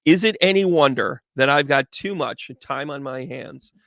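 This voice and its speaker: A man doing casual live tarot readings as a medium, chatty and animated, greeting viewers by name. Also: medium pitch, moderate pace, vocal fry, no echo, clean studio sound.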